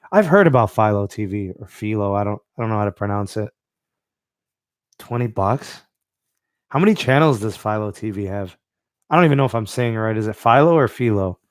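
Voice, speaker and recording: A man's voice: mid-range voice, dry recording, studio quality. A man hosting a live-stream podcast in a laid-back way, reading out and answering the live chat with plenty of fillers. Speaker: podcast host.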